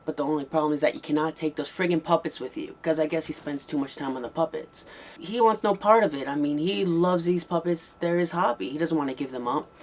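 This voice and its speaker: A man giving a casual, rambling spoken review of an old horror tape, with frequent ums and restarts. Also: a little high. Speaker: VHS movie reviewer.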